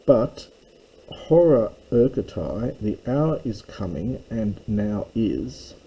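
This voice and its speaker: A man teaching a slow, methodical line-by-line translation lesson, explaining grammar with pauses and fillers. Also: fairly low pitch, sing-song, mellow, slight background noise, rough recording. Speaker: Greek teacher.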